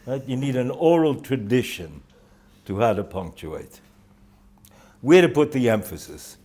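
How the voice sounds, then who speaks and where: An older man speaks at a middle pitch, unhurried and halting, with frequent fillers as he gathers his thoughts. He gives a holiday talk to his students and weaves dry jokes and anecdotes into the teaching. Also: sing-song, darkish tone. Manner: storytelling with dry humor. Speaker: rosh yeshiva giving a talk. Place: yeshiva in Jerusalem.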